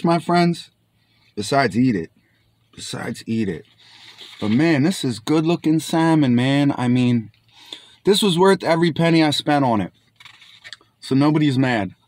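Excited man reviewing canned fish. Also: a little high, moderate pace. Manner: enthusiastic, keeps saying "my friends"; exclaims while tasting. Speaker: food reviewer. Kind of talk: casual food review vlog.

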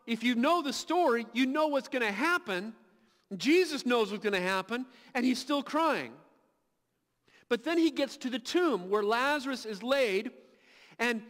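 A man with a very high voice preaches a sermon in a large church hall, his words trailing into a long reverb. He is impassioned and emphatic, swelling to loud peaks and often doubling words as he restarts a thought. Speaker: pastor.

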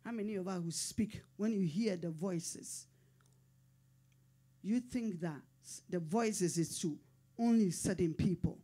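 A woman's voice: on the low side, measured pace, mellow. A middle-aged woman pastor preaching a sermon in short, fervent, repeated declarations.

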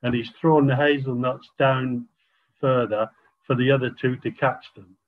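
A man's voice: medium pitch, steady tone, moderate pace. An enthusiastic man rambles on, tripping over restarts as he explains. His voice comes through a tinny, narrow phone-like line. He sounds like he's casually chatting on a video call.

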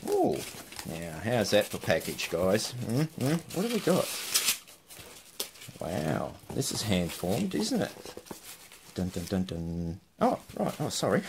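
A man's voice: fairly low pitch, noisy background. A man hosting a casual unboxing vlog, chatting to viewers and muttering asides to himself as he opens his mail. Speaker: host opening mail.

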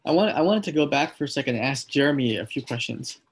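Husky man asking long questions. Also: mid-range voice, lively intonation, fast. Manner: inquisitive, posing long questions. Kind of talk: casual group discussion.

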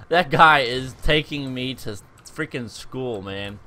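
A young man giving joking, excitable commentary over his own gameplay as a video host. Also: mid-range voice, slow pace, slight background noise. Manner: animated, joking, exclaims at the game.

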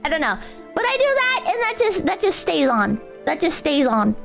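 A woman's voice: very high voice, very animated, normal speed, creaky, fairly bright tone. A young American woman streaming, chatting casually and reading viewer donations in a teasing, crude way, swearing freely. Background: faint music.

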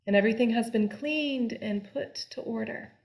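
A woman telling a folk tale aloud in a slow, deliberate, expressive way. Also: on the high side. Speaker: storyteller. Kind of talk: storytelling.

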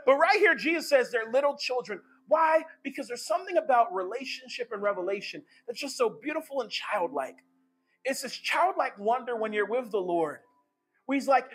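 A man preaching an energetic sermon, excitable and emphatic, swinging between loud bursts and hushed lines. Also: extremely high pitch, normal speed, slightly rough, faint music behind.

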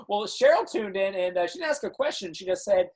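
A man's voice: sits high, expressive, normal speed, a little mellow, husky. A young man hosting a live interview show. He is upbeat and laughs often as he reads out viewer questions. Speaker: livestream host.

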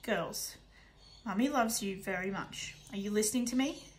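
A woman's voice: mid-range voice, moderate pace, natural voice, low-quality recording. A woman voicing a frightened mother who is fleeing with her daughters, her voice shaky and tearful. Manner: shaky, tearful, then urgently pleading.

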